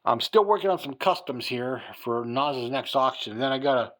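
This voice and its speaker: A worn-out man chats loosely to a phone camera on a mount, at home at night. He rambles with plenty of ums and restarts, speaking at an everyday mid pitch. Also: expressive, normal speed, a bit bright. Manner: rambling and tired, many fillers and restarts. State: tired. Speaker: hobby channel host. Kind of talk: casual chat to camera.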